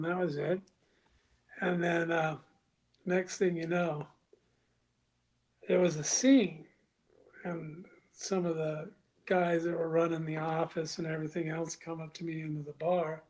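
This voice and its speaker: A man guest on a podcast, telling a story casually and acting out other people's lines in a louder voice, with some profanity. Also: a little high, slow pace, pauses often. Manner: animated, acts out quoted dialogue with raised voice; crude, profane.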